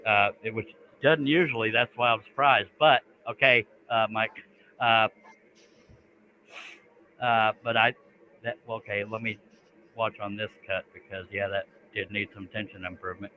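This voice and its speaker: A man's voice: fairly low pitch, fairly even intonation, a little slow, long pauses, narrow, tinny audio, slight background noise. A man hosting a live stream, chatting casually and joking to himself as he works in his workshop. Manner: joking, talks to himself while working. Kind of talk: casual chat while woodworking.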